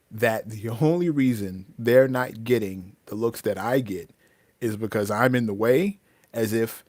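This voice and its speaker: A man's voice: mid-range voice, dry recording. A man hosting his own livestream, ranting emphatically about entitlement, often restarting his words. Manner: heated, emphatic, with many repeated restarts. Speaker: livestream host and rapper.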